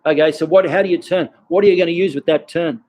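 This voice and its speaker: A man's voice: a little high, fast talker, darkish tone. A man, a karate instructor giving casual teaching advice, peppering his talk with questions and "okay".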